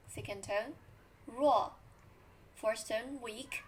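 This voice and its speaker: Young female teacher, very slow drilled delivery, clear bright tone, repeats every word. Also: fairly high pitch. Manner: drawn-out model pronunciations, repeating each word. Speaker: Chinese teacher. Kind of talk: slow language lesson with repetition drills.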